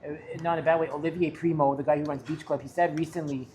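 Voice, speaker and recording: Chatty low-voiced woman host. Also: fast, a little hiss or hum. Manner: chatty and expressive, storytelling. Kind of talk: casual interview chat. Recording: crowd chatter in the background.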